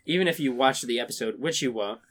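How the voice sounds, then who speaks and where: A man's voice: mid-range voice, fast talker, crowd noise. A young man co-hosting a podcast in casual chat, joking and acting out voices of the people he talks about. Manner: joking, acts out quoted voices. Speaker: podcast co-host.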